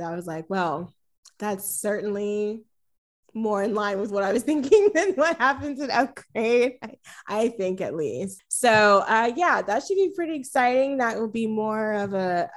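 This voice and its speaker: Rambling woman podcast host, laughing often. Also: medium pitch. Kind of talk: casual film-review chat.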